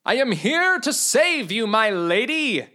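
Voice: mid-range voice, sing-song, takes it slowly, pushed and bright, voice pushed up, heavily acted. A storyteller voicing a boastful, oblivious young male knight in a comedy storybook, declaiming each line grandly and stretching out the words. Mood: grandiose. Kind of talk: storybook reading.

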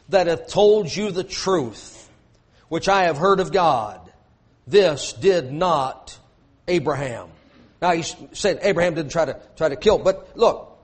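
High-voiced slow preaching man. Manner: emphatic, repetitive preaching with asides and jokes. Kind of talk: sermon.

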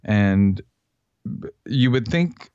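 A man's voice: lowish voice, lively intonation, very slow, warm tone, clear, resonant tone, no room sound, dull audio. A man co-hosting a casual fan podcast, chatty and reading out descriptions. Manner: chatty, reads out descriptions, laughs easily. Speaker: podcast co-host.

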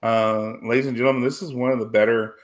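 A man's voice: mid-range voice, steady tone, fast talker. Rambling casual man reviewing films. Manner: rambling, many fillers and restarts. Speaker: podcast co-host. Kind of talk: casual film review chat.

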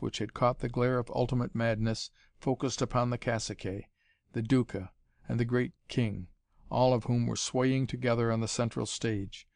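A man reading an adventure story aloud as narrator, in a measured, dramatic manner. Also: medium pitch, a little mellow, no room sound, clean studio sound. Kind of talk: audiobook reading of pulp adventure fiction.

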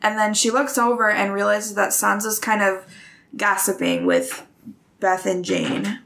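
A woman's voice: medium pitch, level tone, measured pace, vocal fry, a bit bright. A woman casually retelling a book chapter for a podcast, chatty with many fillers. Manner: chatty, many ums and likes. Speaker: podcast host summarizing a book.

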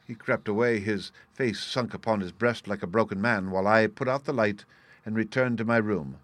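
A man with a low voice reads a classic story aloud in the first person, steady and formal. The sound is close and dry, with no room around it. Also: normal speed, dry recording. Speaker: audiobook narrator.

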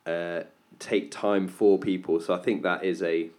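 Low-voiced man hosting a podcast. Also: steady tone, unhurried, a little mellow. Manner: rambling, restarts, asks questions. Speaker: podcast co-host. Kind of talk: casual podcast chat.

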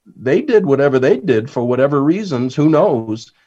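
A man's voice: mid-range voice, big pitch swings, moderate pace, mellow, husky, dull audio. A man, an author and workplace trainer, talking as a podcast guest who acts out the lines he quotes.

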